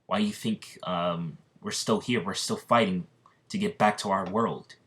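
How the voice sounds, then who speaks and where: Casting: earnest young female knight, low plain voice, read by a man. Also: fairly even intonation, measured pace, fairly bright tone.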